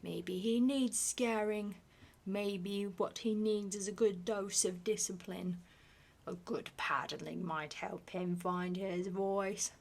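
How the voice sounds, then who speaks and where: A woman voicing a stern, blustering duke fixated on his bloodline, in a breathy, gravelly whispered role-play. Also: mid-range voice, steady tone, takes it slowly. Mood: cruel. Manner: blustering, shouting in bursts. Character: stern, furious old duke obsessed with bloodline.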